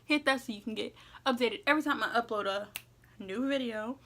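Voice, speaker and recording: A woman's voice: a little high, fairly quick, pushed and bright. A young woman giving casual advice in a vlog, chatty and full of fillers, eating as she talks. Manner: chatty, heavy use of "like" and "you know what I'm saying"; eating while talking. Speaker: vlogger giving school advice.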